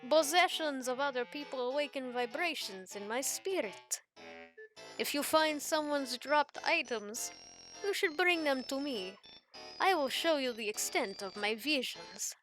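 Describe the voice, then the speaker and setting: A woman doing a theatrical old fortune-teller spirit who drawls each word, slow and grand. The voice sits high and bright, with faint game music behind it. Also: animated, low-quality recording. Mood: mystical. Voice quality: mock-Transylvanian theatrical accent. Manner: slow, grand, mystical intoning.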